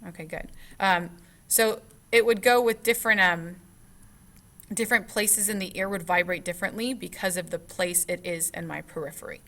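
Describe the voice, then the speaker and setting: A woman's voice: medium pitch, steady tone, normal speed, pushed and bright. A young woman teacher talking through recorded lecture slides in a conversational way, full of fillers and restarts.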